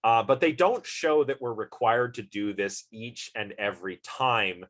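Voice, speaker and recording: A man's voice: mid-range voice, unhurried, fairly bright tone. A man lecturing on philosophy in an informal university class, thinking aloud through everyday examples and putting questions to the students.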